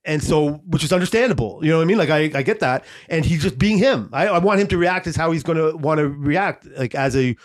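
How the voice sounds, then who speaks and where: A man co-hosting a casual podcast, telling a long story. He rambles, swears freely and leans on fillers. His voice sits a little higher than most men's. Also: animated, fast, hardly any pauses. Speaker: podcast co-host. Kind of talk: casual chat.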